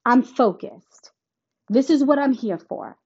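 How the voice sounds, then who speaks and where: A woman's voice: sits high, expressive, takes it slowly, darkish tone, slightly rough, highs cut off. A woman hosting a channeling podcast, talking bluntly and emphatically with plenty of swearing. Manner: blunt, emphatic and heavily profane. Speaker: podcast host. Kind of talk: spiritual channeling monologue.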